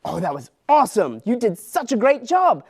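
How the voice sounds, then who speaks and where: Energetic man leading a kids' lesson. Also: very high voice, moderate pace, slightly rough. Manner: energetic, coaxing, leading kids in actions. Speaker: children's ministry leader. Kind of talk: kids' Bible lesson with motions.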